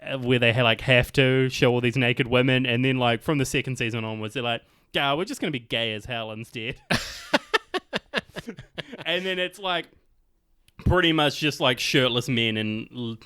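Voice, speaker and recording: Bright-voiced young man, rambling chat. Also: mid-range voice, moderate pace, pauses often, clear, resonant tone, no echo, studio quality. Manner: rambling, many "like" fillers, laughs often. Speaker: podcast co-host. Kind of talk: casual chat.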